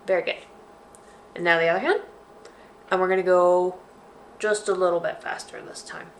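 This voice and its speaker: A woman hosting a library storytime for children, reading a picture book aloud in an expressive, sing-song way. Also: medium pitch, normal speed, long pauses.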